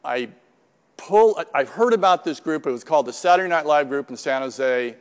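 A man's voice: on the high side, expressive, brisk. A middle-aged man telling a rambling, self-deprecating recovery story to a live group, with many restarts and quoted dialogue. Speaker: speaker sharing a recovery story. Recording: long hall reverb.

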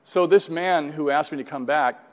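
A man's voice: on the high side, moderate pace, long reverb tail. A man in his sixties giving a rambling personal testimony at a recovery meeting, full of restarts and asides. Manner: rambling storyteller, many restarts and "right?" tags.

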